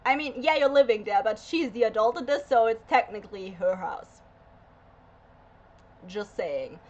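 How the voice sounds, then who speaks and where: High-voiced woman hosting a reaction video, emphatic and profane, on a dull lo-fi mic. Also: expressive, normal speed, darkish tone. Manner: emphatic, swearing, lots of fillers. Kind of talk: casual rant.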